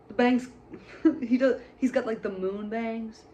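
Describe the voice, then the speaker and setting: A woman's voice: a little high, steady tone, slow pace, dark tone, muffled recording, a little hiss or hum. A woman giving casual, chatty movie commentary, gushing and joking as she talks. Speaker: movie reviewer.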